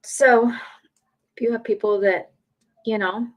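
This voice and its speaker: A woman's voice: a little high, fairly even intonation, slow, low-quality recording. A woman chatting casually on a live stream, blunt and opinionated, swearing freely. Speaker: streamer, podcaster. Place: home.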